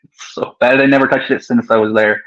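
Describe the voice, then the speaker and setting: A man's voice: mid-range voice, steady tone, fairly quick, fairly bright tone, lo-fi sound. Easygoing young man, laughing often. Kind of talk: casual chat.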